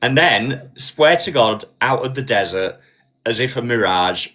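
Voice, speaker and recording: Guy on a live stream chat, bright punchy voice, does voices while he tells stories. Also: mid-range voice, unhurried. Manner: animated storyteller, acts out voices in quotes. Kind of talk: casual chat, storytelling. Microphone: phone on live stream.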